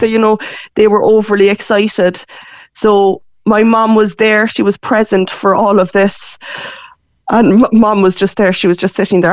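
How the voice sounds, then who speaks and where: A woman of forty with a Cork accent, chatting as a guest in a lively storytelling way. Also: medium pitch, moderate pace, no echo. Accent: Irish, Cork. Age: 40s. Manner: animated storytelling, voices her mum's lines. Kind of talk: casual phone interview.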